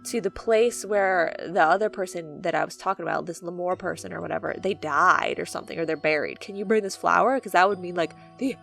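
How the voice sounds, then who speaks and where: A woman's voice: fairly low pitch, a little fast, creaky, hardly any pauses, a bit bright, faint music behind, pitched below the performer's own voice. A woman voicing a weepy, melodramatic grieving stranger who wails and pleads theatrically. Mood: pleading.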